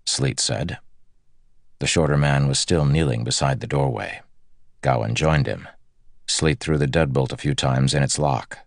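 A man narrating a fantasy audiobook in a steady, even manner. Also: a bass voice, moderate pace, dry recording, clean studio sound.

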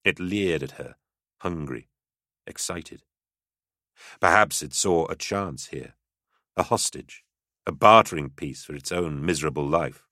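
A man narrating an audiobook in a steady, dramatic storytelling manner. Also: extremely low pitch, a little slow, long pauses, no room sound, studio quality.

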